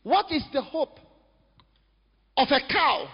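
A male pastor, preaching a lively, humorous sermon in a church. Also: very high voice, slow, a little hiss or hum. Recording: echoey hall, dull lo-fi sound.

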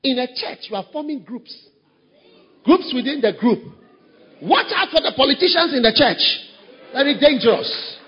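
A pastor preaching a sermon, breaking into high shouted mimicry of people he describes. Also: animated, normal speed, slightly rough, long reverb tail, lo-fi sound. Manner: acts out quoted voices, shouting high mimicry.

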